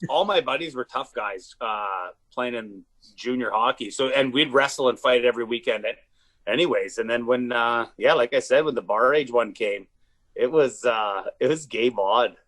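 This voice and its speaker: A young adult man from Canada, a comedian guest telling animated, profane stories in a casual chat and acting out the quotes. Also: medium pitch, moderate pace. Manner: animated, swearing, acts out quotes. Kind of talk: casual storytelling.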